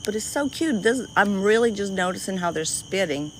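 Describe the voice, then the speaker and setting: A woman with a Cajun accent and a squeaky voice, chatting casually with viewers on a livestream from an outdoor dock at night. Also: lively intonation, moderate pace, slight background noise, low-quality recording. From Louisiana. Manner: chatty, greets viewers by name, easily delighted. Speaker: livestream host. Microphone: phone livestream.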